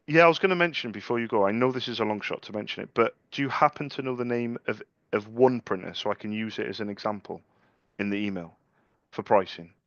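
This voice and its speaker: A cheeky young man talks in an office, quick with a joke and quicker to laugh at it. The sound is dull and lo-fi, with no room echo at all. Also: fairly low pitch, a bit bright. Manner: cheeky, jokey, laughs at own lines. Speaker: salesperson cold calling. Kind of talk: phone sales banter, retold.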